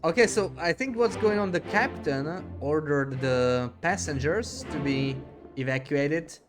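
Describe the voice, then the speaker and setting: A man's voice: fairly high pitch, a little slow, music in the background. A young adult man streaming a game live, thinking aloud in a hesitant, rambling way with frequent restarts.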